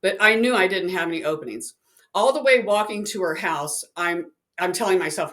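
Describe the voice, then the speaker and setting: Woman, lowish voice, chatty, animated storyteller. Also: moderate pace. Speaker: psychic telling a story. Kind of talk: casual storytelling.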